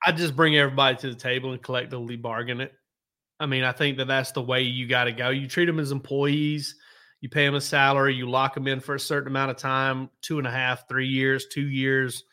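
A man's voice: mid-range voice, level tone, fairly quick, bright, forceful tone. A man telling casual, rambling stories on a sports podcast, often correcting himself as he goes. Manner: rambling, self-correcting, laid-back storyteller. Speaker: sports reporter.

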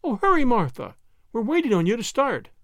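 A brisk, teasing young woman, as a man reading a storybook puts her on, her lines lifted high and swooping. The voice has a gravelly edge, and the recording is dry and close. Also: huge pitch swings, no room sound.

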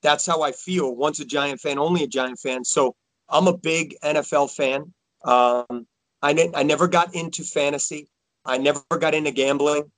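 A man talking casually as a podcast guest, halting and repeating himself, with bursts of enthusiasm. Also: a little high, fairly even intonation, a bit bright, no echo. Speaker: podcast guest, school worker. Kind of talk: casual chat.

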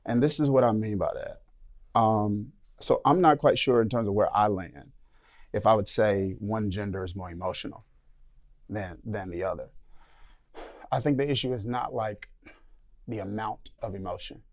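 A man's voice: on the low side, moderate pace, pauses often. A man on a discussion panel, talking thoughtfully and searching for his words. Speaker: panel guest.

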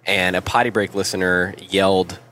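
A man with a very deep voice, relishing the jokes and laughing along in easy podcast talk. A faint room ambience sits behind him. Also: little pitch movement, moderate pace, a bit bright, a little hiss or hum. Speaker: podcast co-host. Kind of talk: casual chat.

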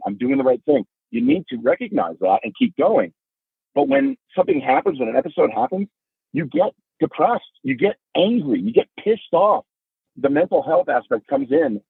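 Over a dry, phone-like remote line, a husky middle-aged man joins a podcast conversation as a guest. He's the father of a son with epilepsy, and his storytelling is earnest and emphatic, climbing in pitch when emotion takes hold.

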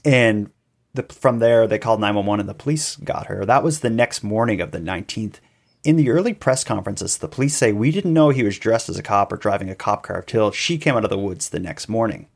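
A man's voice: brisk, gravelly. Man telling a story animatedly. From Canada. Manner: animated storytelling, acting out quoted calls with rising pitch. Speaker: podcast guest. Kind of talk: conversational interview.

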